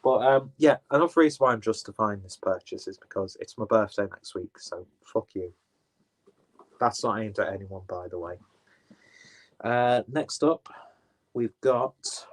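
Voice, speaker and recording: A man chatting casually through an unboxing, rambling, swearing and correcting himself as he goes. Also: medium pitch. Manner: rambling, profane, self-correcting. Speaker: beer reviewer.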